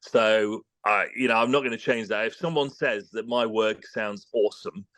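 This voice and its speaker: Man, British accent, low pitch, lively storytelling, dry studio sound. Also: moderate pace, dry recording. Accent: British English. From England. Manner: animated, acts out studio exchanges in quoted voices. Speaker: voice-over artist guest. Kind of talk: casual interview chat.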